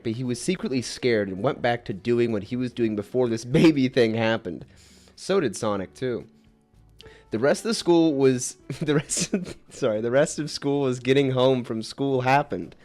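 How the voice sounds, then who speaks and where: A man reads his goofy fan story aloud with a lively, bouncing voice, giggling and tripping over his words. Faint music plays underneath. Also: medium pitch, moderate pace. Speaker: narrator and creator. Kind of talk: comic reading of a fan story.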